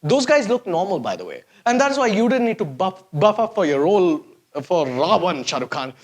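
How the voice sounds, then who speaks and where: A man hosting a sarcastic, mocking comedy rant to camera. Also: high voice. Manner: sarcastic, mocking, exaggerated swings of voice. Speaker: host.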